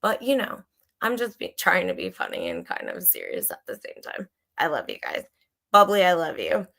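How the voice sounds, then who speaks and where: A woman's voice: on the low side, wildly swooping pitch, moderate pace, vocal fry, fairly bright tone. A woman in her forties hosting a casual livestream chat, speaking candidly and emotionally, swearing freely and rambling as she talks to her viewers. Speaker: channel host.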